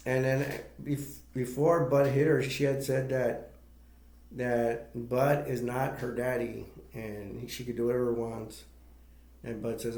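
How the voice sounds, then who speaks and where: Gravelly flat-voiced man recapping a film. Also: medium pitch. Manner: rambling, halting retelling with self-corrections. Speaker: movie reviewer. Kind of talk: casual plot recap. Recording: echoey room.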